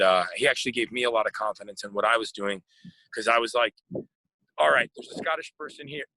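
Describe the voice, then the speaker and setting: An American actor chatting casually in an interview, rambling with lots of fillers and restarts. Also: male voice, medium pitch, bright, forceful tone, dry recording, poor audio. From United States.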